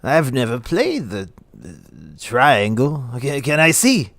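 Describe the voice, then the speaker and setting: A man's voice: medium pitch, huge pitch swings, takes it slowly, vocal fry, a bit bright, no echo, heavily acted. A man plays a tipsy dragonborn official, jittery and bragging, stammers through lines, dry close sound. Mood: drunken bluster. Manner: slurred, stammering, boastful. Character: drunk jittery male dragonborn town speaker.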